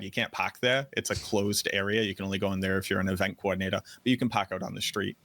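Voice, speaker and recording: A man's voice: on the low side, fairly even intonation, fast talker, hardly any pauses, a bit bright, no echo. A man from the North Shore of Boston with a light Boston accent, a guest telling stories in a chatty, self-deprecating way on a casual podcast. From North Shore of Boston, USA. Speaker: guest content creator.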